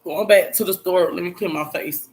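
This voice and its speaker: A young woman vlogger telling a personal story in a blunt, profane, repetitive way, breaking into loud exclaimed quotes. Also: lowish voice, a little fast. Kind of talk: emotional storytime monologue.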